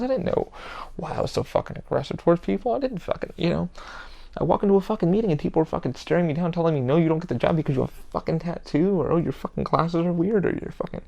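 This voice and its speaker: Gravelly, blunt, foul-mouthed man. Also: sits high, darkish tone, lo-fi sound. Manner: heavy swearing, blunt ranting; repetitive, restarting sentences. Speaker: podcast host. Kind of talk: unscripted podcast monologue.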